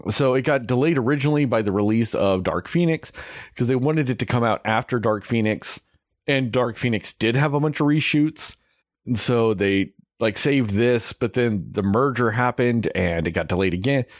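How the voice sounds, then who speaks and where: A man's voice: medium pitch, no room sound. Profane ranting young man, dry sound. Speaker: podcast host reviewing a movie. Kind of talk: casual chat.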